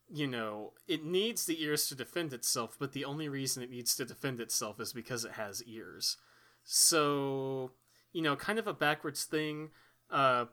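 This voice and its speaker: A young man from Texas co-hosting a casual comedy podcast, rambling and joking and quick to laugh. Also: medium pitch, bright, forceful tone. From Texas, United States. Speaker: podcast co-host.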